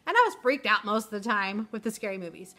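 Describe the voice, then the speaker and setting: A woman's voice: mid-range voice, expressive, fast, pushed and bright. A middle-aged woman teacher vlogging casually, chatty and candid, sentimental. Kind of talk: casual get-to-know-me chat.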